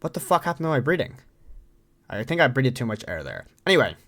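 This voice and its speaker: A man's voice: mid-range voice, very animated, fast, fairly bright tone. A young Irish man telling a story to camera in a rambling, profane, self-mocking way. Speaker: vlogger.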